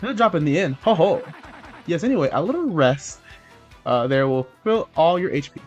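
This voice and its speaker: A man's voice: a little high, expressive, normal speed, a little mellow, muffled recording, soft background music, close to an everyday voice. A man voicing a fussy, very proper old male mushroom steward with pompous, old-fashioned speech.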